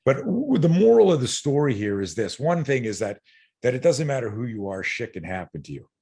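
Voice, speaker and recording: A man's voice: mid-range voice, big pitch swings, brisk, creaky, warm tone, slightly rough. A middle-aged man, a self-defense instructor, telling a personal story as a podcast guest, blunt and earnest, swearing freely and stumbling over repeated words. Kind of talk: candid interview storytelling.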